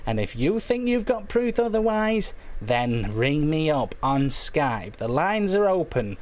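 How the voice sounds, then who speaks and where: A man hosting a comic late-night phone-in stream, rambling in a silly, deadpan way, his voice a little hoarse. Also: a little high, a little slow. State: slightly hoarse. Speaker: phone-in show host.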